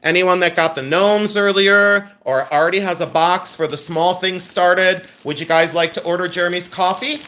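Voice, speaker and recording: A middle-aged man hosting a live-stream sale, reading out viewer names and orders and making quick asides to his helpers. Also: high voice, fairly even intonation, sharp tone. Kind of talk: live-stream selling chat.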